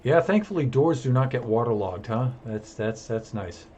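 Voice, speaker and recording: A man's voice: mid-range voice, lively intonation, moderate pace, a little mellow, lo-fi sound, slight background noise. A man chatting through live gameplay commentary, self-amused and handing out jokey tips. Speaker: streamer.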